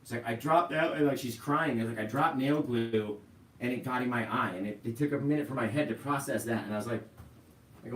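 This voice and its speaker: Chatty painting teacher in a roomy room. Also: male voice, mid-range voice, quick pace. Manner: chatty, talks straight to viewers with frequent "right?". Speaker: painting instructor. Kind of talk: live painting tutorial, casual storytelling. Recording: roomy, mic at a distance, faint hiss.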